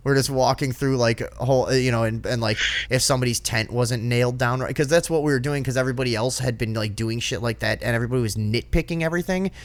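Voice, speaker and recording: Profane, animated man telling a story. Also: mid-range voice, quick pace, few pauses, no room sound. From northern United States. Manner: profane, animated, mimics people he talks about. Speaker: podcast co-host. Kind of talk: casual storytelling chat.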